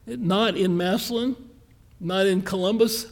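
The sermon comes from a pastor with a high-pitched male voice, folksy and earnest in delivery. He emphasizes key lines by slowing down and races through quick asides.

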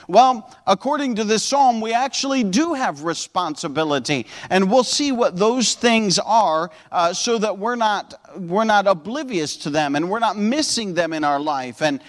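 A man's voice: high-pitched, animated, moderate pace, hardly any pauses, big-room sound. A man preaching a sermon in a church auditorium, earnest, often repeating words and saying uh.

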